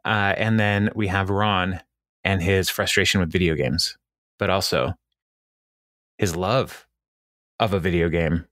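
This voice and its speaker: A man's voice: low-pitched, fairly even intonation, a little slow, long pauses, a bit bright, no echo, clean studio sound. A man co-hosting a podcast, recapping a TV episode in casual, meandering chat and chuckling often. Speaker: podcast co-host.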